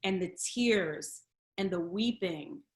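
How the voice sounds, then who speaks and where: A woman, a guest comedian, telling a candid personal story in a chat, acting out the voices of the people in it and swinging between hushed and loud. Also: fairly low pitch, slow, roomy sound.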